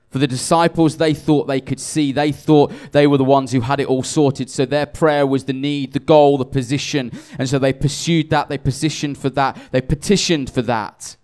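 Casting: tired male preacher, mid-pitched voice, chatty and self-mocking, lots of restarts. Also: darkish tone. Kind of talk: conversational sermon.

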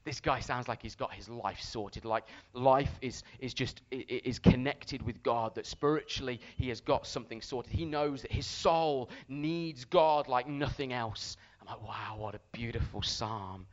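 A man preaching a sermon to a congregation, telling a story with animated, shouted re-enactments. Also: mid-range voice, a little slow, few pauses, highs cut off.

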